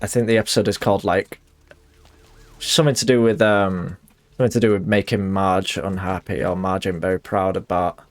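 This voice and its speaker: A man's voice: deep voice, steady tone, fairly quick. A young adult man, streaming a game and chatting in a rambling, self-deprecating way. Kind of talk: casual chat while gaming.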